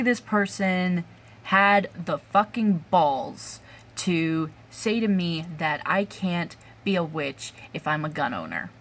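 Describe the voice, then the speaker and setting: A woman's voice: lowish voice, expressive, slow pace. A young adult woman vlogging an angry rant, swearing often and breaking off with fillers and sighs.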